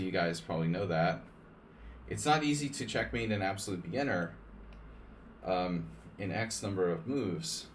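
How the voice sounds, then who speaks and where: Low-voiced man streaming chess, distant mic. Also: slight background noise. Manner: rambling, filler-heavy explaining. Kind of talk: casual live-stream commentary.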